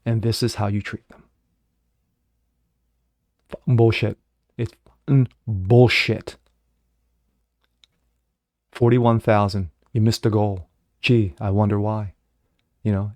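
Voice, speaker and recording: A man's voice: lowish voice, flat delivery, unhurried, pauses often, no room sound. Angry man ranting in a dry room. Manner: profane ranting, swings from shouting to muttering; mocking put-on voices when quoting others. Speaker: host. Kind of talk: angry political commentary.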